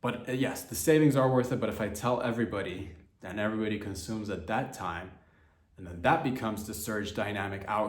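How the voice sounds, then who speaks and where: A man hosting a comedy podcast, rambling through a loose monologue, cursing freely and jumping into mock voices and loud outbursts. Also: fairly low pitch, a little fast, roomy sound.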